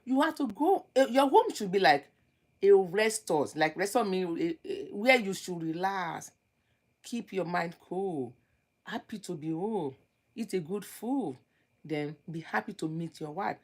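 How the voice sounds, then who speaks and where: A woman giving relationship advice in an emphatic, preachy way, repeating her points and swinging between loud outbursts and low muttering. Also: lively intonation, measured pace. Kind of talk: lecturing advice monologue.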